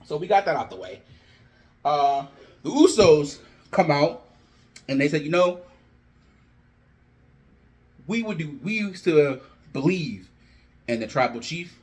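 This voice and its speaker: A man telling a wrestling storyline in a casual, animated way and acting out the wrestlers' lines. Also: on the high side. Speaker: wrestling booking commentator. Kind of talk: casual fantasy booking rant.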